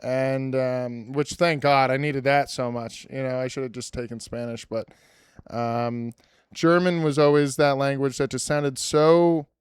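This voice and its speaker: A man's voice: mid-range voice, little pitch movement, measured pace, clean tone, dry recording, clean studio sound. A young man hosting a podcast, chatting casually and rambling with lots of restarts. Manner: rambling, self-deprecating, with many restarts. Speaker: podcast host. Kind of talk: casual chat.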